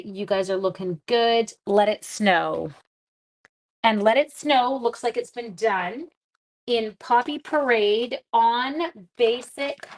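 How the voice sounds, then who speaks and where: A woman, hosting a casual livestream craft demo, chatty, giggly and quick to poke fun at herself. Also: a little high. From Canada. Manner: chatty, giggly and self-deprecating. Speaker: craft class host and schoolteacher.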